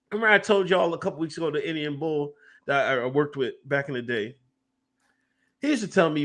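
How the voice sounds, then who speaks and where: An animated male co-host with a bright, higher voice swings his pitch widely as he reads viewer messages and jokes. He laughs a lot as he talks. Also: brisk. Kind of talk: casual podcast chat.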